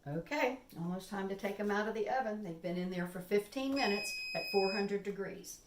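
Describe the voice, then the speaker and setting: A woman's voice: medium pitch, fairly quick, background noise. A woman hosting her own cooking channel from her home kitchen, chatting casually and enthusiastically as she bakes. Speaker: cooking show host. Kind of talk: casual cooking vlog chat.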